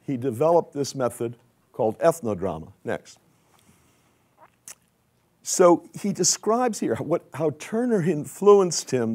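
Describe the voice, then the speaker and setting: Older male conference speaker, relaxed chatty lecture style, middle pitch. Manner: conversational, asks audience questions. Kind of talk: lecture with slides.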